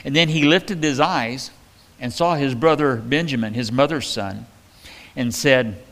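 Chatty pastor, man, mid-pitched. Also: a little slow. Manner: relaxed and chatty, with joking asides. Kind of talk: conversational Bible teaching.

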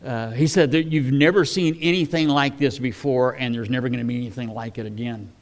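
A man's voice: mid-range voice, fairly even intonation, a little fast. A man preaching a sermon in a folksy, conversational way, often restarting with fillers.

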